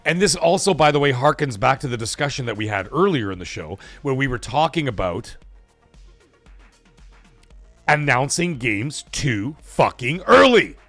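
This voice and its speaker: Speaking at a medium pitch with no room sound, a man runs a casual livestream where he reads donations aloud. He's excitable and curses often, and emotion makes his voice catch.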